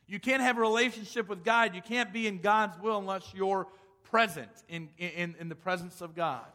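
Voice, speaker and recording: A man's voice: high voice, moderate pace, sharp tone. A male pastor preaching a sermon, emphatic, asking rhetorical questions and restarting phrases as he goes. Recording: long hall reverb.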